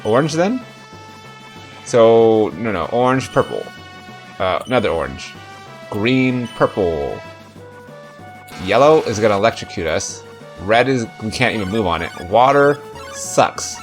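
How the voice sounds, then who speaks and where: Low-pitched male let's-play host, sarcastic casual commentary. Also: very animated, a little slow, pauses often, faint music behind. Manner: jokey, sarcastic running commentary.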